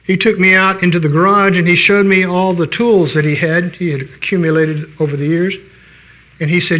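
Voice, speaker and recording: A man's voice: high-pitched, steady tone, normal speed, sharp tone. An older man preaching a sermon in a folksy, conversational way, telling stories and restarting his sentences.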